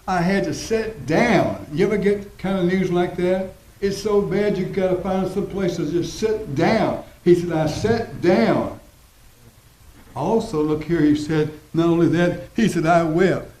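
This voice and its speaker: A man preaching a sermon as pastor, folksy and repetitive, slowing down to stress his points. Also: on the high side, darkish tone. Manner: folksy preaching, repeats phrases, slows for emphasis. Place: church sanctuary. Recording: roomy church echo.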